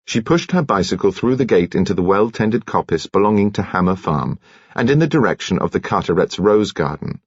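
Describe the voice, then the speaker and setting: A man narrating an audiobook in a measured, expressive storytelling manner. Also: on the low side, breathy edge, no room sound. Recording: dry, dull audiobook studio recording.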